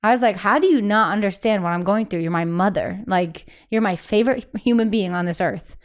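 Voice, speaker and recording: A chatty woman singer speaks openly as an interview guest, her voice smooth and clean at a middle pitch. She talks in a loose, animated way, slipping into the voices of people she quotes, with plenty of "like" between phrases. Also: fairly quick. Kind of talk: candid casual interview chat.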